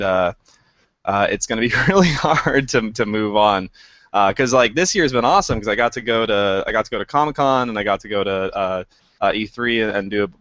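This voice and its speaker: A man's voice: fairly low pitch, a bit bright, no echo. A man, a game director guest, chatting casually in an interview, rambling and laughing at himself. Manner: rambling, chuckling, self-deprecating. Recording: dry, slightly dull podcast audio.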